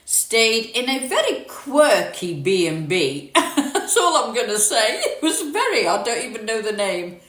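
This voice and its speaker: A woman's voice: on the high side, big pitch swings, unhurried, fairly bright tone, reverberant, far from the mic. A middle-aged woman from London with a southern English accent, partly mixed with northern, chatting casually on a livestream, reading out and answering viewer comments. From London, England. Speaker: livestream host. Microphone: phone.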